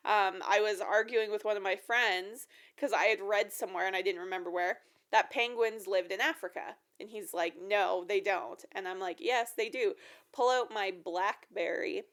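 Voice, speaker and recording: Laughing woman telling animated stories. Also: mid-range voice. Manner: animated storyteller, laughs often. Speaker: podcast co-host. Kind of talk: casual chat.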